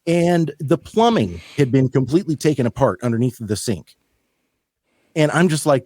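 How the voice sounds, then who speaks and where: A man's voice: medium pitch, animated, normal speed, dark tone, no room sound. Exasperated man telling work stories. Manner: swearing, exasperated storyteller. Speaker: podcast host. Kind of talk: casual storytelling chat.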